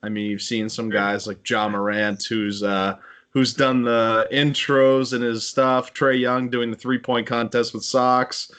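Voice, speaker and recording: A man's voice: mid-range voice, flat delivery, unhurried, a bit bright, smooth. A man chatting loosely about sports on a podcast, joking and trailing off. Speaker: podcast co-host. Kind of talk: casual chat.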